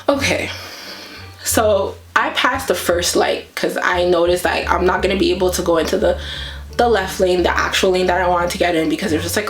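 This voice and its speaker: A woman's voice: lowish voice, roomy sound. A woman vlogger casually telling a story, acting out her own reactions as she goes. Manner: animated retelling that acts out her own reactions.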